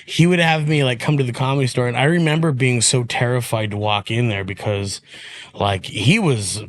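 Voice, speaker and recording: A man's voice: medium pitch, normal speed, slight background noise. A young man telling stories in a casual podcast chat. He acts out the voices of the people he quotes and laughs often. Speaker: guest comedian.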